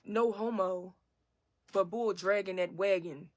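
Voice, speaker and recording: A woman quoting a pushy, crude man at a comedy show, in a lightly lowered voice. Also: fairly even intonation, unhurried, lightly acted. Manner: pushy, seeking agreement.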